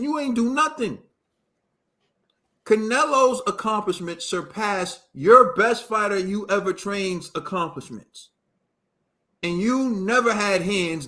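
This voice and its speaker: High, bright-voiced man ranting hard. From United States. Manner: emphatic, repetitive ranting with slang. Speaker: boxing podcast host. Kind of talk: heated casual commentary.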